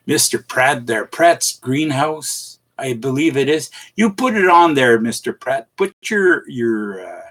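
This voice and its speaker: A middle-aged man chats with his livestream audience at a leisurely, unhurried pace. His voice sits at an ordinary pitch, and he rambles and chuckles, stumbling and restarting as he speaks. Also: animated, fairly bright tone. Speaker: live streamer. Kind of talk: casual livestream chat with viewers.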